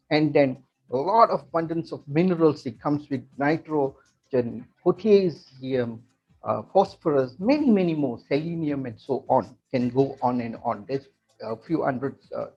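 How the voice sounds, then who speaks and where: A man giving an animated, salesy product talk to members, often filling with "okay". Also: medium pitch, normal speed, husky. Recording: muffled lo-fi recording.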